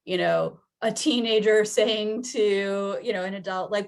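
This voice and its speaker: A woman's voice: mid-range voice, fairly even intonation, a little slow, creaky, hardly any pauses. A woman psychologist giving a conversational webinar presentation over a video call, often checking in with her listeners. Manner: conversational, keeps checking in with "right?".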